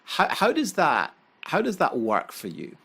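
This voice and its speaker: A man hosts a podcast interview. His pitch moves around a lot as he asks questions in a relaxed, conversational way. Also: measured pace, breathy edge. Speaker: podcast host.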